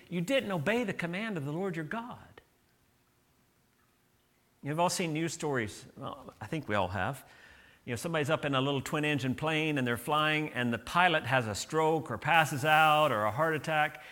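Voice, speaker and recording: Bright-voiced man preaching a lively sermon. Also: on the high side. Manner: animated storytelling with acted-out quotes. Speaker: pastor.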